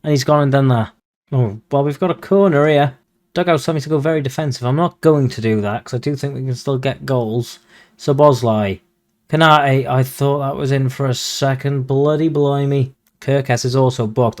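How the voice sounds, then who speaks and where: A video game streamer with a medium-pitched voice gives casual, excitable commentary over a football management game. He swears whenever frustration sets in.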